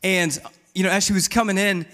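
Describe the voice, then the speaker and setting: A man's voice: high voice, fairly even intonation, fairly quick, sharp tone, long reverb tail. A pastor from Missouri preaching a sermon, telling his testimony in a bold, outspoken, conversational way.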